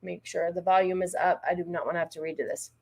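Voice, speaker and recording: A woman's voice: lowish voice, little pitch movement, fast, gravelly. A middle-aged woman hosting a casual commentary livestream, blunt and exasperated, with frequent profanity. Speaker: livestream host.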